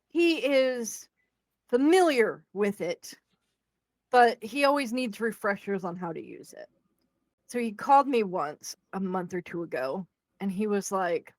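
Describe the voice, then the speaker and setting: A young adult woman hosts a podcast, telling a story in a relaxed chat with a mid-range voice. She acts out quotes animatedly and laughs along, and the recording has no room sound.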